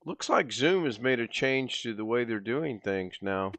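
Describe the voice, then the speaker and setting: A man's voice: medium pitch, expressive, unhurried, fairly bright tone, no room sound. A man hosting a casual video-call livestream, talking in an easygoing, rambling way and thinking aloud. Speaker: host.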